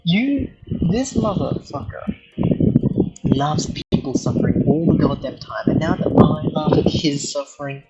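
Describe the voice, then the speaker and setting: A man chatting casually as a YouTuber, excitable, laughing often and swearing. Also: on the high side, moderate pace, hardly any pauses, lo-fi sound, very noisy. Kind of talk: casual commentary on chatbot chats.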